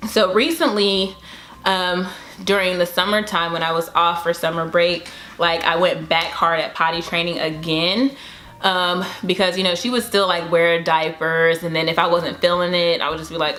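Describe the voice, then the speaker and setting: A woman's voice: on the low side, steady tone, normal speed, bright, forceful tone. A young woman talking casually about raising her toddler in a home vlog, chatty and upbeat, with cheering bursts. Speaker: mom vlogger.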